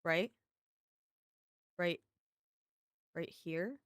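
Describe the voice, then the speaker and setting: A woman's voice: lowish voice, extremely slow, dry recording, clean studio sound. A woman streamer giving rambling, casual commentary as she plays, thinking aloud and swearing often. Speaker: game streamer. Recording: streamer mic with loud game music.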